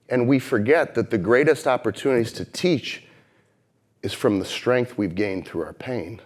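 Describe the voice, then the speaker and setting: A man in his thirties from St. Louis, delivering a motivational keynote on stage and telling stories with swings from heated and loud to hushed and slow. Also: mid-range voice. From St. Louis, Missouri. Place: conference stage before a live audience.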